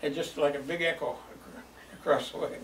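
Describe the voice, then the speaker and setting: An older man rambles through memories of his youth, chuckling often and using lots of fillers, in the manner of a reminiscing oral-history storyteller. His voice is fairly high and a bit bright, with fairly even intonation and a moderate pace. The distant mic picks up a roomy space, faint ambience and slight background noise.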